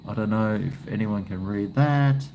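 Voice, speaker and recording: A middle-aged man with an Australian accent chats casually and rambles between sips of beer. His talk is loose, jokey and full of swearing. A steady noise sits behind his voice. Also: fairly low pitch, normal speed. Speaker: live-stream host. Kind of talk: casual chat while drinking beer.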